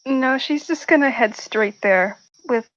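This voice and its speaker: A woman's voice: sits high, unhurried, a bit bright, dry recording. A woman playing a tabletop game, speaking earnestly and in character. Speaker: player. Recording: dull, lo-fi mic.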